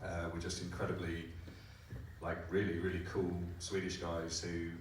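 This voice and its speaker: At a live screening Q&A in a cinema or hall, a film director answers questions, rambling with many restarts and growing enthusiastic. His low voice is completely flat and moderately paced, recorded from far off in an echoey room with faint noise.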